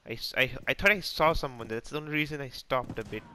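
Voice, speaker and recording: A man hosting a gaming channel, giving live, excitable and self-mocking commentary as he plays, talking to teammates and enemies. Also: medium pitch, quick pace, a little hiss or hum.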